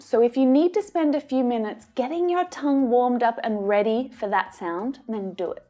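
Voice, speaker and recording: A woman with an Australian accent teaching English pronunciation, modelling each sound slowly and carefully. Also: a little high, dark tone, faint music behind. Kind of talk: pronunciation lesson.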